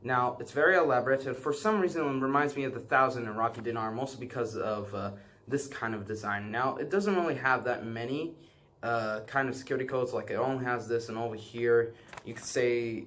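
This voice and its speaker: A man's voice: mid-range voice, brisk, fairly bright tone, a little hiss or hum. A man casually showing his banknote collection on a vlog, rambling and hesitant, with many filler sounds, self-corrections and apologies for what he does not know. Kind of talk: casual show-and-tell.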